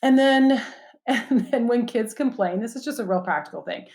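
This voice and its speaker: A woman's voice: on the high side, lively intonation, normal speed, a little mellow. A woman guest on a podcast, chatting casually and listing practical tips with lots of "um" and "you know". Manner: practical, upbeat, listing tips with many fillers. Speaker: guest author.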